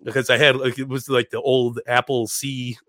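A man telling a story in a casual chat, animated, swearing freely and acting out other people's lines in raised voices. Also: medium pitch, normal speed, no echo, studio quality. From Chicago. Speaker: podcast guest.

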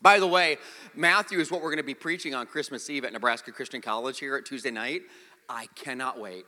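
A man preaching a sermon, telling a story with jokes and an animated delivery. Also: medium pitch, a little fast. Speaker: pastor. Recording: long hall reverb.

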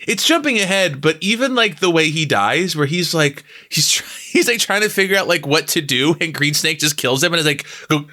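Male podcast host, bright and forceful tone, slightly high voice, loose rambling delivery. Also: lively intonation, a little fast, few pauses. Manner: rambling with many fillers, laughs and swears. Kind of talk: casual podcast chat about a film.

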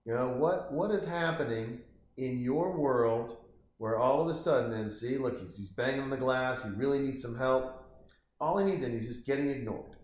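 A man's voice: mid-range voice, moderate pace, reverberant. A man giving casual, rambling commentary while watching a movie at home, swearing now and then. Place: home, lying on a couch.

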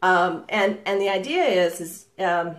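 A middle-aged woman coaching real estate agents in a live session over a video call, talking with lively inflection and energy and laughing often. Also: on the low side, a little slow. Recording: roomy echo.

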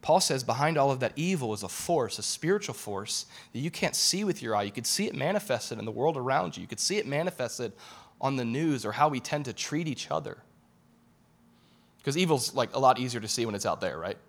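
A man preaching a sermon as pastor, animated and casual, repeating phrases for emphasis. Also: mid-range voice, fairly quick.

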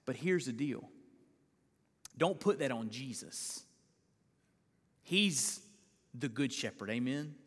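A man preaching a sermon as pastor, emphatic and building to loud repeated declarations, with stumbles and restarts. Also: medium pitch, lively intonation, takes it slowly, long pauses, breathy edge, in a large hall. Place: church sanctuary.

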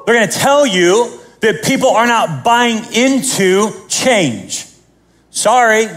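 High-voiced animated male pastor. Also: slow. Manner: animated, joking, acts out scenes. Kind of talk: sermon.

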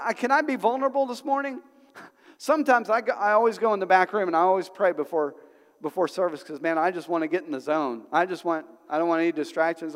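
A middle-aged man preaching a sermon as pastor, telling stories conversationally and building to emphatic bursts. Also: a little high. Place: church sanctuary. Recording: long church hall reverb.

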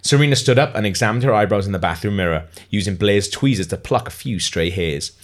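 A man's voice: lowish voice, fast talker. A man reading a novel aloud, amused, stopping now and then to comment on it. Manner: amused, breaks off to comment and laugh. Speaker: reader.

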